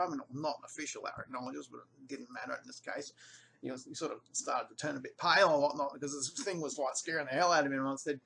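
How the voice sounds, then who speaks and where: An Australian vlogger with a fast, gravelly, slightly rough mid-range voice tells a rambling story casually. His voice jumps up and turns animated whenever he quotes other people.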